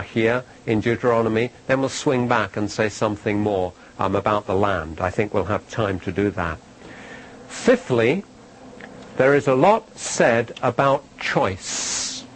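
On a low-quality recording, a man with a medium-pitched, slightly breathy voice teaches from the Bible in sermon style before a live crowd. His tone is conversational; he questions the audience, tags points with "okay?" and leans on repetition of key phrases.

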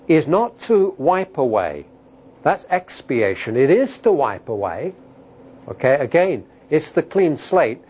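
A middle-aged man preaching a sermon, talking emphatically and building to loud, animated outbursts. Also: on the high side. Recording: dull lo-fi sermon recording.

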